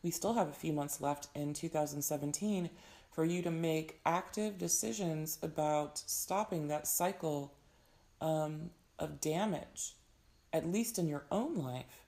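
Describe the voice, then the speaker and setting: A young woman with a hoarse voice giving an earnest, advising tarot reading in casual talk. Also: low-pitched, a little slow, mellow. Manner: earnest, advising, frequent fillers. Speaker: tarot reader.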